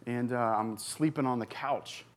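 Speaking from a church stage, a man in his forties who works as a recovery pastor recounts his own story. His mid-range voice is earnest, and his telling stumbles with frequent fillers and false starts.

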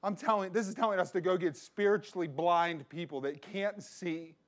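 A man's voice: sits high, moderate pace. A man preaching a sermon as a pastor, telling a personal story and repeating phrases for emphasis.

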